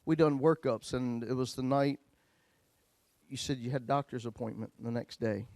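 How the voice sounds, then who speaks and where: A man preaching a sermon as a pastor, telling a personal story in a folksy, joking way and swinging between loud and hushed. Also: medium pitch, fairly even intonation, normal speed, no echo.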